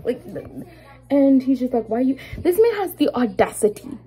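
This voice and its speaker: A young adult woman vlogger telling a story in a casual, animated and indignant way while doing her makeup at home, with lots of fillers. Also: high-pitched, normal speed, crowd noise, poor audio.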